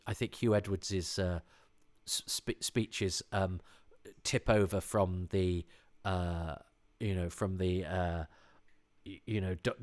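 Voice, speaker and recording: A man's voice: fairly low pitch, fairly bright tone. A man from England hosting a podcast, talking casually on his own, rambling with many restarts and enthusiastic asides. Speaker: podcast host. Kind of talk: casual solo commentary.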